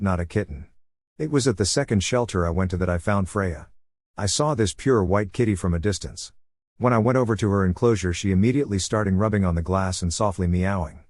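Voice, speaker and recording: A man narrates a first-person story in a low, steady voice. His delivery is even and measured. The sound is dry and close, with no room around it. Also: no echo. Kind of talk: reading a Reddit story aloud.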